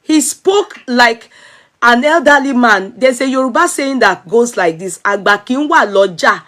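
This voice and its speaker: Chatty Nigerian woman, mid-high voice. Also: expressive, normal speed, fairly bright tone. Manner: chatty, mixes in Yoruba, frequent laughter. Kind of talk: casual commentary chat.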